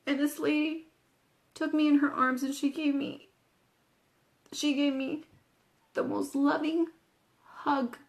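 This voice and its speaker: A woman giving an emotional personal testimony, crying as she speaks, halting and repeating herself, often apologizing. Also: high voice, level tone. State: tearful, crying. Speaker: guest telling her life story.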